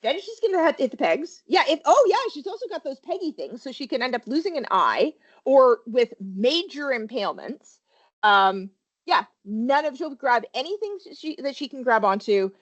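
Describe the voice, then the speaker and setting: A woman safety trainer presenting a webinar, her fairly high voice rising and falling with lively emphasis. She keeps asking her listeners questions as she goes. The audio is muffled and lo-fi. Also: moderate pace, slightly rough. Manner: animated, quizzes listeners with questions.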